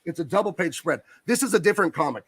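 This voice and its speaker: A man's voice: a little high, animated, quick pace, a bit bright, slightly rough, no room sound. A man who colors comics, talking enthusiastically and at length about his work as a guest on a video call. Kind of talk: casual interview chat.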